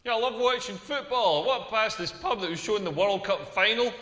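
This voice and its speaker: A crude Scottish stand-up comic. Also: male voice, sits high, brisk, pushed and bright, reverberant, long reverb tail. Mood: deadpan crude. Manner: crude, rambling, self-deprecating. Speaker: stand-up comedian. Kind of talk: stand-up routine in a game video.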